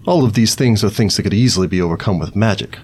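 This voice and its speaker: Game master type: very low male voice, relaxed explainer, faint hiss behind. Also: fast. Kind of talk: narrating a tabletop game.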